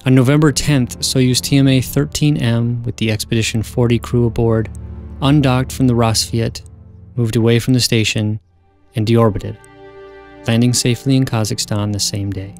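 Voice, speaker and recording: A man reads a scripted narration in a steady, matter-of-fact way at a middle pitch. Soft music plays faintly beneath him. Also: normal speed.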